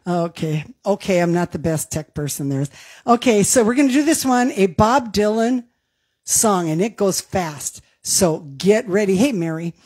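A woman's voice: mid-range voice, lively intonation, normal speed, a little mellow, breathy edge. A woman singer hosting an online holiday show, chatting casually between songs, laughing and reading out viewer comments. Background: backing music.

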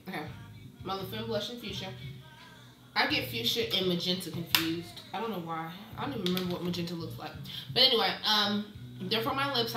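A young American woman with an African American accent, chatting casually at home in a beauty vlog and turning sassy and animated when she rants. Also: mid-range voice, recorded from a distance. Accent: African American English. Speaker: beauty vlogger. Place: at home indoors. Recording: echoey room, voice off-mic.

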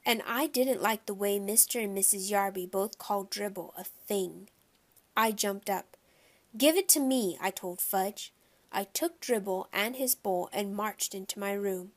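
Woman narrator for a children's audiobook, lively and expressive. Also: mid-range voice, a little slow.

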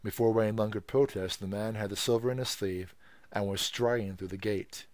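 Casting: male audiobook narrator, low voice, dry close sound, measured storytelling. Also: fairly even intonation, a little mellow, dry recording. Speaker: audiobook reader. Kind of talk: novel narration.

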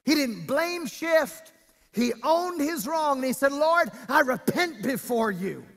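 A male pastor preaching a sermon, reading scripture aloud with drawn-out, half-sung emphasis and stirring the congregation. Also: extremely high pitch, very animated, a bit bright, big-room sound.

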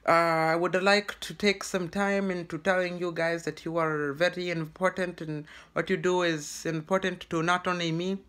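Vlogger, comic in-character rant, bright edge, stammering, put-on broken English. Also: mid-range voice, fairly even intonation. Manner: halting and rambling, full of stammered restarts. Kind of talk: comedic vlog monologue in character.

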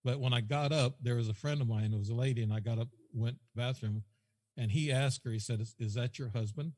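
A man's voice: mid-range voice, fast, a little mellow, long reverb tail. A man as a podcast guest, telling a rambling story that repeats itself and quotes whole conversations. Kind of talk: casual storytelling.

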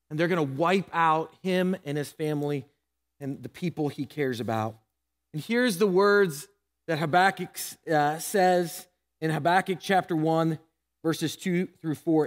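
A married man preaching a sermon as pastor, earnest and emotional, asking his listeners hard rhetorical questions. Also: high-pitched. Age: adult, married. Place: church sanctuary. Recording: long church hall reverb.

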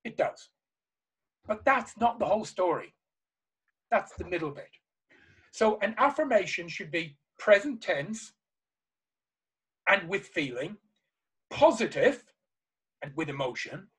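A man's voice: high voice, big pitch swings, measured pace, pauses often, a bit bright, breathy edge, rough recording. A man giving a motivational seminar to a live audience, emphatic and repeating key phrases with passion. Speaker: seminar speaker. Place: live talk before an audience.

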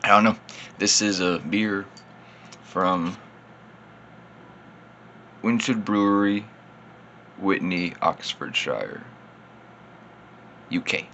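A man's voice: on the low side, fairly even intonation, slow pace, long pauses, pushed and bright, lo-fi sound, slight background noise. A man, slightly tipsy, rambling casually through a beer tasting in his vlog and poking fun at himself. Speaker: beer reviewer.

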